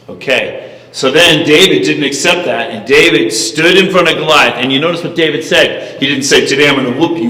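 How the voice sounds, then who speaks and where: A man telling a rousing story to an audience, animated and preachy, heard from far off in a reverberant hall. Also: mid-range voice. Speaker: speaker. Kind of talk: storytelling speech.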